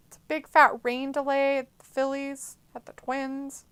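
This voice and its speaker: A woman's voice: high-pitched, fairly even intonation, moderate pace, a bit bright, dry recording. A woman co-hosting a live watch-along stream, chatting casually with playful sarcasm and reading viewer messages aloud. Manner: playful, sarcastic, mock voices for chat messages, frequent laughs.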